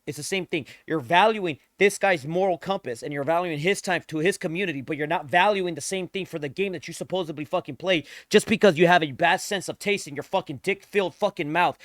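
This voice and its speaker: A male streamer ranting angrily, yelling insults and repeating himself. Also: sits high, dry recording, studio quality. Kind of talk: angry profane rant.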